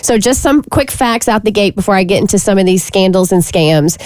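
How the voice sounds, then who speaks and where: A female radio co-host explaining things in a brisk, chatty way. Her voice sits at an ordinary pitch and sounds dry and close on the studio mic. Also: expressive, a little mellow, no room sound. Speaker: radio show co-host presenting a segment. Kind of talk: casual talk radio segment.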